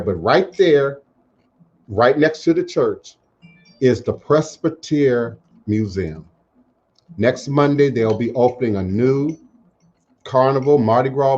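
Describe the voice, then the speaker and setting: A man hosting a call-in talk radio show, speaking in measured, emphatic, repeated phrases. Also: medium pitch, a little mellow. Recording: dull lo-fi internet radio audio.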